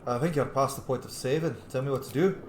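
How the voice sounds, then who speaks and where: Man, excitable let's-play commentary, jokey, roomy sound. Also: medium pitch, fast talker, a little hiss or hum. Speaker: gaming channel host.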